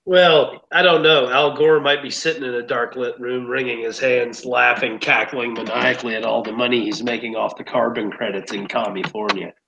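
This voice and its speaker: A man's voice: mid-range voice, steady tone, moderate pace, gravelly, few pauses, sharp tone, muffled recording. Laid-back man in a roomy echo. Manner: laid-back, rambling, swears casually. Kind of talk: casual chat.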